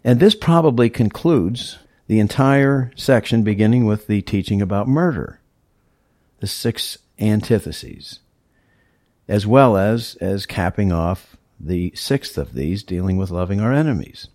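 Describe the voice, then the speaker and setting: Low-voiced man preaching a sermon. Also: animated, a little slow, darkish tone, no room sound, studio quality. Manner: teacherly, emphatic, walks through scripture verse by verse. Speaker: pastor.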